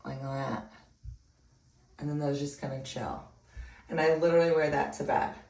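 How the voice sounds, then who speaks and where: A woman chatting casually and giggling as she walks through a hair tutorial. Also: deep voice. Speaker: vlogger. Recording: roomy sound, distant from mic.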